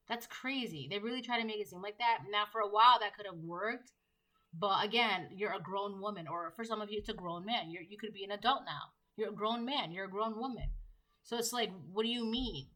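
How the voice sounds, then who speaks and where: A woman's voice: mid-range voice, a little fast, bright, forceful tone, rough recording. A woman giving a collective tarot reading, talking emphatically and piling up repeated rhetorical questions. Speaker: tarot reader.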